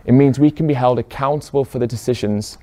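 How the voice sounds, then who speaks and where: Mellow-voiced man giving a persuasive talk. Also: medium pitch, fast talker. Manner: poses rhetorical questions to the audience; speaks directly to listeners in a room. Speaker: speaker addressing an audience.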